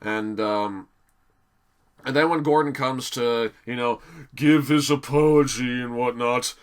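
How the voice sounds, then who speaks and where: A man giving a casual, animated video review, often laughing and filling pauses with "um". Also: medium pitch, clear, resonant tone. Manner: animated, giggly, many fillers.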